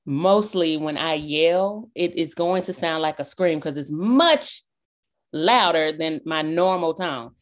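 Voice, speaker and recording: A young woman from the South, talking loudly and expressively in a casual chat. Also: low voice, slow pace. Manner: loud, projecting, expressive.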